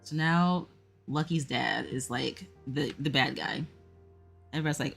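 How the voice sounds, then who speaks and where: A woman's voice: rumbling low, moderate pace, gravelly, a bit bright, husky, soft background music. A woman hosting a puzzle livestream, chatting casually and rambling with lots of fillers while she talks to her viewers. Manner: talks to chat while working a jigsaw.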